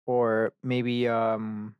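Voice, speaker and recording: A man's voice: medium pitch, little pitch movement, very slow, muffled recording, a little hiss or hum. A man hosting a solo podcast, rambling, swearing freely and breaking off to mock himself. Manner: rambling and profane, self-mocking asides. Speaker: podcast host.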